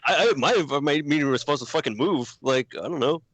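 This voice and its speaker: Brief: male co-host, slightly high, animated pitch, dry close sound, sarcastic. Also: fast, no echo. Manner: laid-back, sarcastic, swears casually. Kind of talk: casual comedy podcast chat.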